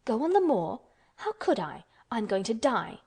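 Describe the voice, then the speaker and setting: A sickly, brooding young boy from a storybook, read by a woman, talking in a restless, resentful way. He sounds cross and quick to complain. The voice sits at an ordinary middle pitch. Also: a little mellow, lightly acted.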